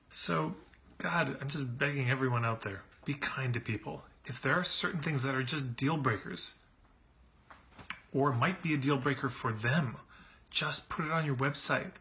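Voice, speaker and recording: A middle-aged man vents in a casual spoken monologue about something that has clearly worn his patience thin. His voice sits at an ordinary pitch but has a bright, forceful edge. He sounds exasperated and tends to repeat words as his frustration builds. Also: moderate pace, a little hiss or hum. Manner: repeats himself when worked up. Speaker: marketing coach.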